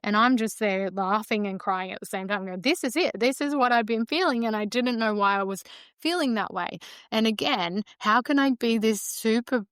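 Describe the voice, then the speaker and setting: A woman's voice: mid-range voice, a bit bright, dry recording, clean studio sound. A woman hosting a solo podcast, talking through her feelings in a reflective, meandering way with frequent fillers. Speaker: podcast host.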